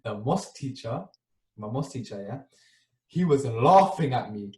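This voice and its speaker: Animated young man, distant roomy mic. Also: mid-range voice, moderate pace. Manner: animated, acts out scenes, tags lines with "yeah?". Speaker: podcast co-host. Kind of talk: casual storytelling.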